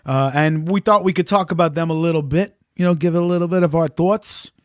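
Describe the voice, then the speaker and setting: High-voiced chatty man hosting. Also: brisk, no room sound, clean studio sound. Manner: chatty, playful, leads the conversation. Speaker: podcast co-host. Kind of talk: casual podcast chat.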